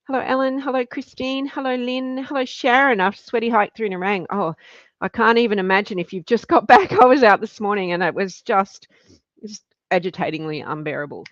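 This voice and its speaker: A woman's voice: mid-range voice, brisk, dry recording, dull audio. A woman, middle-aged, hosting a chatty live stream where she coaches hikers and greets viewers by name. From Australia.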